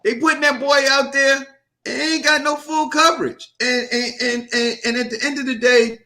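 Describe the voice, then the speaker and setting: A man co-hosting a casual sports talk show, ranting and joking with animated energy. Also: very high voice, normal speed. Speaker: co-host.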